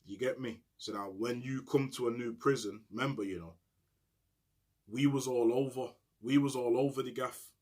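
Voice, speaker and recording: Middle-aged man, husky and mid-pitched, telling a story in street slang. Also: normal speed, a little mellow. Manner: street slang, repeats "you get me, G". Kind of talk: casual storytelling monologue.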